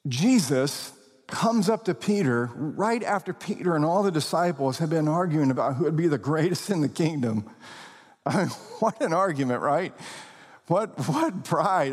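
Male pastor, sermon delivery, slow and emphatic, husky tone, reverberant hall sound. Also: on the high side. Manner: expressive preaching, slow deliberate emphasis, occasional laughs.

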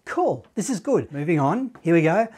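Man, saxophone teacher, relaxed, encouraging, scats phrases, online lesson. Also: a little high, normal speed, loud music behind the voice.

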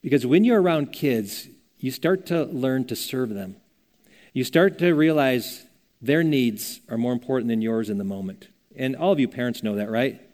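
A man's voice: medium pitch, normal speed, a little mellow. An older man preaching a sermon as a pastor, earnest and conversational, telling stories as he teaches. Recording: long reverb of a church hall.

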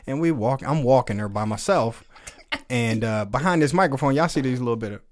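A man in his forties hosting a casual podcast, telling stories in an animated, profane way and laughing often. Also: mid-range voice, fairly quick. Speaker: podcast host. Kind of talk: casual podcast chat with live chat.

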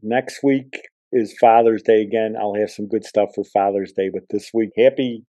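Male podcast host, casual storyteller; low, dark timbre, dry and dull recording. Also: fairly even intonation, moderate pace, dry recording. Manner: rambling, conversational.

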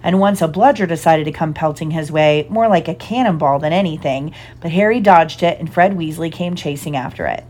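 A woman giving a lively, expressive storybook narration. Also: low-pitched, brisk, hardly any pauses. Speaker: audiobook reader.

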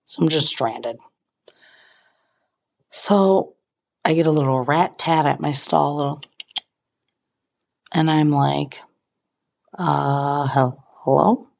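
The podcast host, a young woman, takes her time with a funny story from her own life, pausing often and throwing in dramatic jabs at herself. She has a deep, darkish voice with vocal fry.

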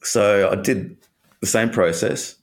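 A man's voice: on the low side, takes it slowly. A man from Australia telling a candid personal story in an interview, rambling and swearing casually.

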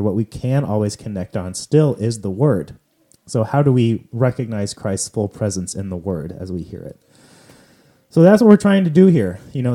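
A man's voice: lowish voice, dark tone. A man hosting a church podcast, talking in a loose, conversational way with plenty of fillers. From California. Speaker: podcast host. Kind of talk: casual chat on church readings.

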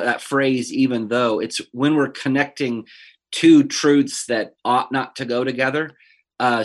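A man, a pastor who preaches on Sundays, talking earnestly and personally about a psalm in a relaxed discussion. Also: medium pitch. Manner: earnest, personal, with fillers and restarts. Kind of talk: conversational Bible discussion.

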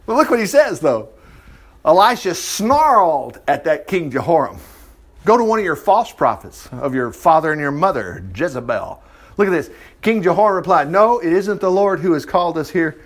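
Man, preacher, slightly high voice, folksy, reads scripture and comments as he goes. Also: sing-song, normal speed. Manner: folksy, interrupts his own reading with asides. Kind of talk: Bible reading with running commentary.

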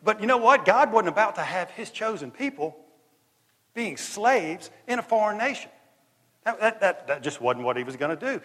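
A man's voice: sits high, lively intonation, moderate pace, fairly bright tone. A man preaching a sermon, telling the story in casual slang and acting out the dialogue. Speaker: pastor. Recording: long hall reverb.

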